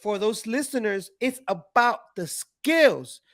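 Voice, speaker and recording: A man's voice: high-pitched, animated, slow pace, fairly bright tone. A man hosting a casual interview who makes his points with emphasis and repeats them for stress. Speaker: host.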